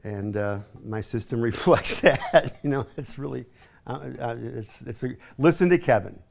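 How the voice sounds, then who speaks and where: Gravelly older man, folksy and chatty. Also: mid-range voice, a little slow. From East Tennessee. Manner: chatty, rambling, folksy asides. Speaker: hi-fi sales associate. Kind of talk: casual home tour chat. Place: his home, indoors.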